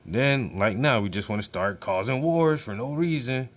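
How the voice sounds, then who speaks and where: A man's voice: mid-range voice, lively intonation, moderate pace. A man hosting a livestream, reacting to a speech in loose, slangy, profane talk that often repeats itself. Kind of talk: casual livestream commentary.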